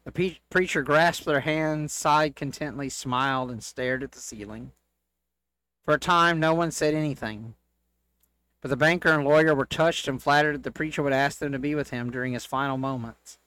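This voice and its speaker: Man, somewhat high voice, dry sound, steady joke storytelling. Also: moderate pace, smooth, no room sound. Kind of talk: reading church jokes aloud.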